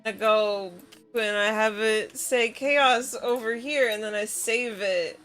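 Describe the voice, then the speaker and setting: A woman's voice: on the high side, slow, fairly bright tone, soft background music. A woman live-streaming in casual chatter, rambling in bafflement and often breaking into laughter.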